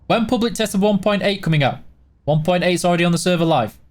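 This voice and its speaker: A man with a softened Yorkshire accent, hosting a casual livestream and reading out chat questions before answering them in a chatty way, with plenty of "uh"s. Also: sits high, quick pace. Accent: Yorkshire, softened toward neutral British. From Yorkshire, England. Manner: chatty, reads questions aloud then answers with many "uh"s.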